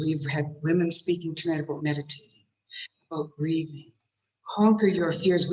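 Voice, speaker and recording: A woman giving a motivational speech on voice to a women's club, shifting between soft, drawn-out phrases and forceful ones. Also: mid-range voice, low-quality recording. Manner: demonstrates tense and relaxed voices. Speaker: guest speaker. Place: meeting room.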